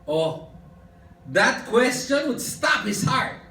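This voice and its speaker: A man's voice: very high-pitched, very animated, unhurried, pushed and bright, a little hiss or hum. A man preaching a sermon, explaining and repeating words as he works through a thought. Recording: echoey room, mic at a distance.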